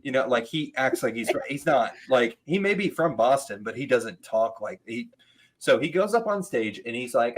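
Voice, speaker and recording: A man comedian chatting casually on a podcast, telling a story with quick asides and laughs. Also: mid-range voice, very animated, rough recording.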